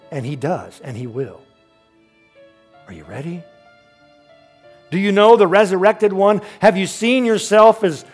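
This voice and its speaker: A man delivers a sermon from the pulpit in a fairly high voice. He swings between emphatic, rising questions and quiet, near-hushed asides, with the odd joke. Soft music plays faintly behind him. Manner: emphatic preaching with sudden drops to quiet, joking asides. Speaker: pastor.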